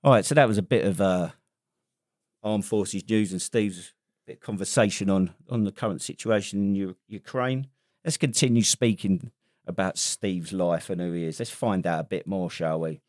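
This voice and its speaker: A man hosting a veterans' podcast, relaxed and prompting his guest with questions. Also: low-pitched, moderate pace, dry recording, clean studio sound. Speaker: podcast host. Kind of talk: casual podcast interview.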